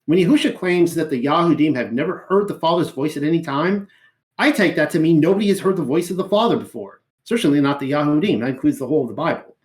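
A man reading and commenting on scripture in a measured teaching voice, with wry, dryly humorous asides and a slower pace for quoted passages. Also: a little high, animated.

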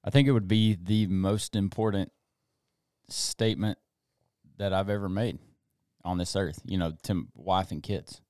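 A man hosting a faith podcast, rallying and forceful as he speaks to men. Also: deep voice, steady tone, measured pace, pauses often, no room sound, clean studio sound. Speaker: host.

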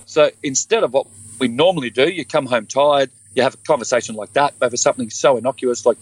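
A man's voice: mid-range voice, fast, breathy edge, dry recording. An earnest man in his fifties, a guest telling stories from his own life and acting out the voices of the people in them. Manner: earnest, animated, acts out quoted dialogue. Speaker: guest, former police officer. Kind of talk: candid conversational storytelling.

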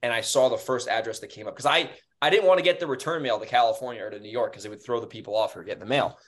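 A man co-hosting a podcast, telling stories in casual chat with animated, profane energy. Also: medium pitch, very fast. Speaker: podcast co-host.

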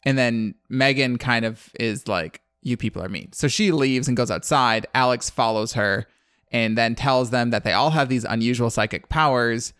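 A man's voice: medium pitch, moderate pace, fairly bright tone, smooth, no room sound. Casual male podcast host, rambly storyteller, dry sound. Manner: rambling, chatty, lots of "like". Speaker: podcast co-host recapping a film. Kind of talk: casual chat.

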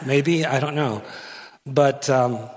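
A man's voice: medium pitch, slow pace, a little mellow. An older man, a guest pastor, preaching a sermon from the pulpit of a church with teasing jokes and asides. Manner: jokey and teasing, with restarts and asides. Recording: long hall reverb in a church.

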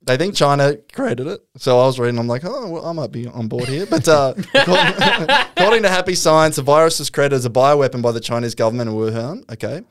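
A man's voice: medium pitch, animated, brisk, hardly any pauses, fairly bright tone, no room sound. A man, co-hosting a casual comedy chat, retelling a story animatedly and laughing often. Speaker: podcast co-host.

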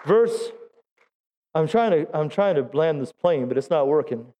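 A middle-aged man leads a Pentecostal sermon in a church, pitching his voice high as he urges the congregation to answer him. He breaks up the exhortation with jokes at his own expense. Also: animated, unhurried, warm tone, slight background noise. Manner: exhorting, calls for audience response; self-deprecating humor. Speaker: pastor. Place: church sanctuary.

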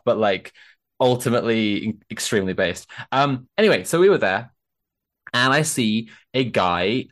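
Brief: young man, mid pitch, rambling casual storyteller, swears freely. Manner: animated, swearing, lots of fillers.

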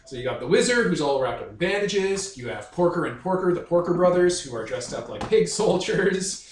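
A man's voice: high voice, very animated, fairly quick. A man narrating as game master of a tabletop game, loose and chatty, laughing often. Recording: roomy recording, faint hiss.

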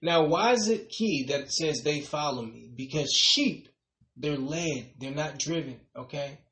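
Male preacher, fairly high voice, emphatic rises and soft trailing asides, echoey room. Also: lively intonation, measured pace. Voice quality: repeats "brothers and sisters" with a dropping, quiet tail. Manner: emphatic, rising on key points then trailing off softly. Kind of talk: sermon.

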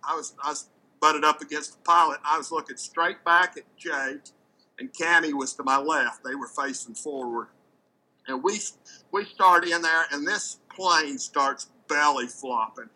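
A man with a very bright, ringing voice tells a story in loose, casual talk. He is animated, trips over repeated words, and sometimes jumps his voice up to act out what people said. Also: on the high side, unhurried, rough recording.

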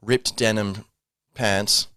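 A man's voice: on the low side, steady tone, extremely slow, bright, forceful tone, clean tone, no echo. A man hosting a casual solo podcast, rambling with many fillers and self-corrections. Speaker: podcast host.

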